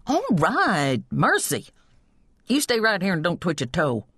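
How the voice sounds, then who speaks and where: A woman voicing a gruff, scolding older brother, a country teenage boy, in an audiobook. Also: on the low side, huge pitch swings, a little slow, fairly bright tone, no room sound, clean studio sound, exaggerated voice. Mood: exasperated.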